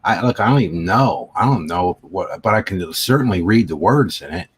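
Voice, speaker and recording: A man joining a casual livestream chat over a video call, talking in an animated, jokey way. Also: low-pitched, moderate pace, slightly rough. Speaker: guest.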